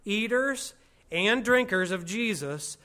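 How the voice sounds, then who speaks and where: A pastor giving an expository sermon, teaching in a conversational way with wry asides and slowing down to stress key phrases. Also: male voice, high voice, expressive, sharp tone.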